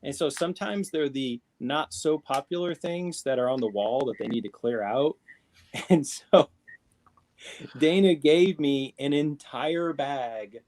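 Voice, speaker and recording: A man's voice: fairly high pitch, unhurried, a little mellow. A man chatting casually on a live video call, rambling with fillers and restarts, speaking into a tablet microphone. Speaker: panelist on a live video show. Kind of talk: casual chat.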